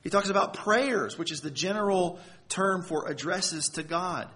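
Guy with a high voice preaching a sermon, earnest, hits key words hard. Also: animated, normal speed, fairly bright tone. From United States.

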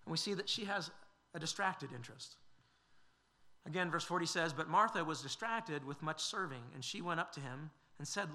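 A man's voice: fairly high pitch, expressive, moderate pace, bright, forceful tone. A man preaching a sermon, earnest and questioning, with frequent fillers and restarts.

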